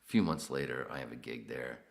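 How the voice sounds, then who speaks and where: Gravelly, very deep-voiced podcast host. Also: male voice, fairly quick. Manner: profane, rambling, self-interrupting. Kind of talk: casual live-stream storytelling.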